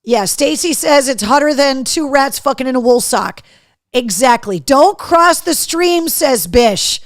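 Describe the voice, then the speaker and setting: Woman host, higher voice, dry close sound, animated and profane, reads viewer comments live. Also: a little slow, no echo. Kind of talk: live show chat reading viewer comments.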